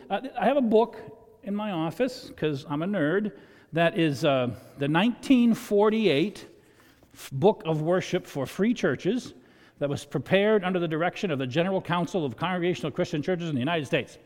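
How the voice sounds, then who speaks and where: A man preaching to his congregation in an easygoing, talky way, his voice sitting a touch above the usual male range. He lifts into loud, high bursts when he wants a point to land. The sound carries the long ring of a church hall. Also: expressive, moderate pace. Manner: conversational preaching, swells loud and high for emphasis. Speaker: pastor. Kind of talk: sermon. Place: church sanctuary.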